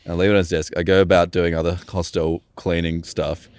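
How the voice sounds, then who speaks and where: A man's voice: sits low, flat delivery, fairly quick, smooth. A young man co-hosting a podcast in casual chat. He rambles through stories and acts out the dialogue. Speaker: podcast co-host.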